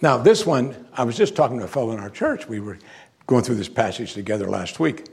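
A man preaching a sermon, moving between quiet, reflective asides and loud, emphatic declarations. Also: medium pitch, sing-song, brisk, vocal fry, husky. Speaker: pastor.

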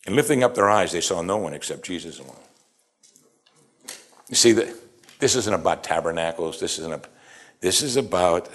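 A man preaching a sermon, animated, acting out the quoted lines and chuckling as he explains. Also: low-pitched, normal speed.

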